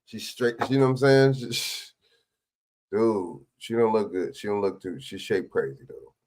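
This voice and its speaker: A man's voice: fairly low pitch, animated, moderate pace, darkish tone. A man hosting a livestream, reacting to clips in casual, profane, jokey commentary.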